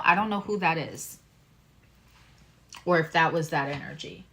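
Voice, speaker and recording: A woman doing a live-stream tarot reading, talking to her viewers with lively exclamations and asides. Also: sits low, moderate pace. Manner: animated, talks to viewers, exclamations. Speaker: tarot reader.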